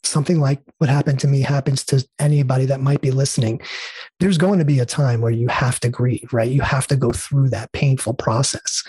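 Middle-aged male guest, earnest storyteller, husky voice. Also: medium pitch, a little mellow, no echo. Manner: earnest, heartfelt, with many fillers and restarts. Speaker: interview guest. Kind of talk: conversational storytelling.

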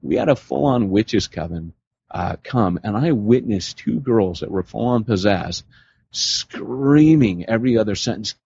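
A man co-hosting a podcast, telling stories in a casual, animated way and slipping into voices for the people he quotes. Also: lowish voice, measured pace, vocal fry, husky, dry recording. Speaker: podcast co-host. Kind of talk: casual storytelling conversation. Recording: dull lo-fi podcast audio.

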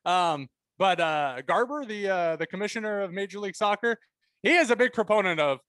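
A man co-hosting a sports talk show, chatting animatedly and reacting loudly. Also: high-pitched, expressive, fairly quick, no room sound, studio quality. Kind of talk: casual sports chat.

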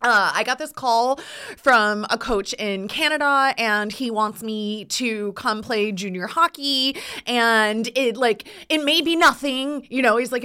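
A woman chatting casually as a podcast guest, telling a story in an animated way and acting out what people said. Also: fairly high pitch, measured pace, smooth. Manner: animated, acts out quotes, frequent laughs.

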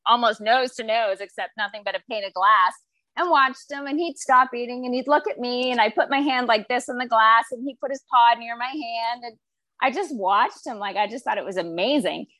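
A woman's voice: fairly high pitch, normal speed, no echo. A woman, a podcast guest and former police officer, talking casually and acting out the voices of the people in her stories. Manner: animated storyteller, acts out quoted voices. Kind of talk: casual conversation.

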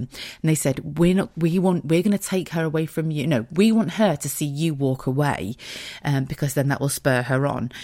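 A woman's voice: deep voice, darkish tone, no echo. A woman, hosting a podcast and telling a story in casual chat, swearing freely and close to tears. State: tearful, close to crying. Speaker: podcast host.

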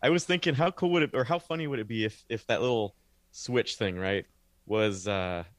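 Relaxed man in casual chat. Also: fairly low pitch, moderate pace, no room sound. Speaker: podcast co-host.

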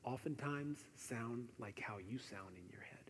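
A man preaching a sermon, animated and conversational, often dropping to softer tones for emphasis. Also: medium pitch, measured pace. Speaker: pastor. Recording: echoey hall with faint noise.

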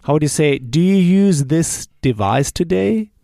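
A man teaching a language drill lesson. He asks a question, then answers it and repeats the phrases slowly and patiently. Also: on the high side, animated, creaky, warm tone, no echo, clean studio sound. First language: German.

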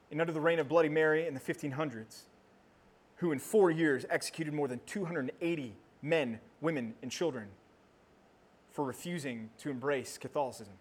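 A pastor with a rather high male voice delivers his sermon in an animated way. He talks to the congregation directly, and when he reaches the rousing quotes his voice climbs and gets loud. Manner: animated preaching, voice rising to near shouting when quoting.

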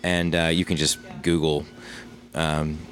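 A man's voice: very deep voice, flat delivery, measured pace, a bit bright. A man talking as a guest in a casual interview, rambling with many restarts and fillers. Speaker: guest filmmaker.

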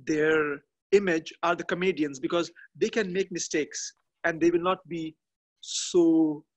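A man chatting as a podcast guest from a garden outdoors, halting and often restarting as he searches for words. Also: on the high side, steady tone. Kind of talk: casual interview chat.

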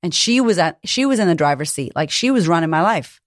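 A middle-aged woman coach speaks frankly and with emphasis, dropping curse words as she makes her points. Her voice sits on the low side. The recording is dry and close, with no room sound. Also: animated, brisk, dry recording. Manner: frank and emphatic, swears freely. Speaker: coach running women's retreats. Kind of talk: candid motivational talk.

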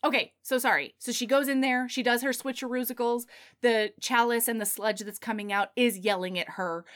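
A woman's voice: on the high side, steady tone, a little fast, fairly bright tone. A woman co-hosting a casual podcast, retelling a book plot in a breezy, profane way. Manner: breezy, profane storytelling with voiced asides. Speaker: podcast co-host recapping a book. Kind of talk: casual chat.

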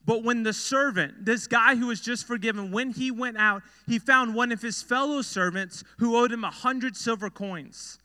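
A man's voice: very high-pitched, moderate pace, few pauses, sharp tone, clear, resonant tone. A young man preaching a sermon to students as a youth pastor, telling a story earnestly and repeating phrases for emphasis. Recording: long hall reverb.

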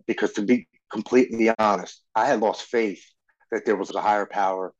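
A man in his forties speaks as a podcast guest, telling his story earnestly and tripping over his words, repeating them as he goes. His voice sits on the low side. The recording sounds dull and lo-fi. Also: fairly even intonation, fast. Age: 40s. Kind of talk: personal storytelling in an interview.

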